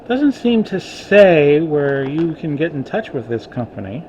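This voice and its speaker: A man's voice: on the high side, very animated, darkish tone, a little hiss or hum. An older man chatting casually to camera at home in a rambling, folksy way, often restarting his sentences and calling his viewers folks. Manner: halting, with frequent restarts. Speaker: vlogger. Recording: dull lo-fi recording.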